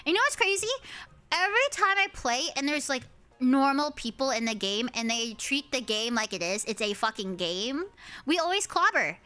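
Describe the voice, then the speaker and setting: A woman in her early twenties with a high, cute, anime-girl-like voice, chatting and ranting with lots of swearing while streaming a game. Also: normal speed, clean tone, faint music behind. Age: early 20s. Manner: animated ranting with frequent swearing. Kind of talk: casual gaming stream chatter.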